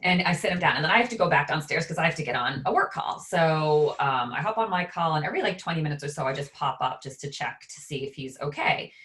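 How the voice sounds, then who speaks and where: A woman's voice: low voice, fast, hardly any pauses. A woman co-hosting a podcast, casually telling a personal story and acting out what people said. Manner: animated storyteller who acts out quoted voices. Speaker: podcast co-host.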